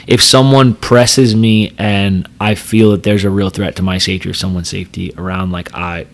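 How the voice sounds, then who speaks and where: A man's voice: sits low, flat delivery, normal speed. Brief: thirties guy, casual guest storyteller, rambling with lots of fillers and swearing. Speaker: podcast guest, pro fighter.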